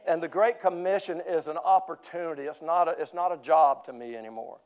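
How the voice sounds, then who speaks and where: Brisk and fairly high-pitched with a dark tone, an older man preaches in church. The pastor plays the joking storyteller, with frequent chuckles along the way.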